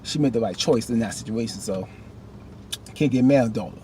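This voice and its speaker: Man, casual TV recap, animated, faint background hiss. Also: medium pitch, brisk. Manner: animated, talks back to characters with rising outbursts. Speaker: TV recap vlogger.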